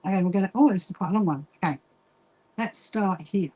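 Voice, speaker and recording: A woman from the UK hosting a casual sewing livestream, chatting while she stitches, reading viewer comments aloud and often pausing with little asides. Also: mid-range voice, mellow, breathy edge. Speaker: livestream host.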